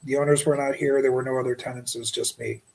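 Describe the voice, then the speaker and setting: Animated man telling a spooky story. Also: mid-range voice, fast, vocal fry, a crowd in the background, low-quality recording. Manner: animated, acts out his own shouting in stories. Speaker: guest storyteller. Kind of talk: casual storytelling on a podcast.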